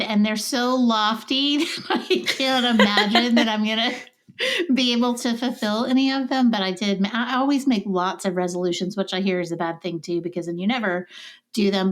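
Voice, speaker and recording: A woman with a slight Southern accent co-hosting a podcast in casual, chatty talk, laughing often and poking fun at herself. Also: mid-range voice. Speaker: podcast co-host.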